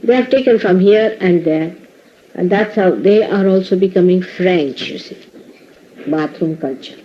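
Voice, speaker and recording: This woman speaks with a lowish voice at a measured pace. She is a spiritual teacher giving a talk to her followers inside an ashram hall, teasingly scolding them and laughing frequently, all captured on a dull lo-fi tape from the 1980s.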